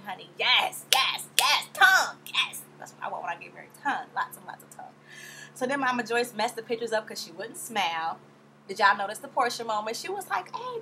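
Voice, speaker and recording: A young woman casually recapping a TV episode in a sassy, animated way, acting out quotes in high voices. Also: a little hiss or hum. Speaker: vlogger reviewing a TV episode.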